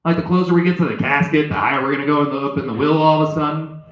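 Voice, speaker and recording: A young man performing a stand-up comedy set, animated and jumping into loud high voices for characters. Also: rapid-fire. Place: comedy club stage. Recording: echoey, dull low-fi live recording.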